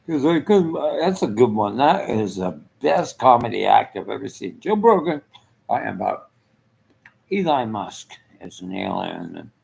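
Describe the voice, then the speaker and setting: A man's voice: mid-range voice, gravelly, darkish tone, poor audio. A man giving a rambling casual monologue, trailing off mid-thought and chuckling often.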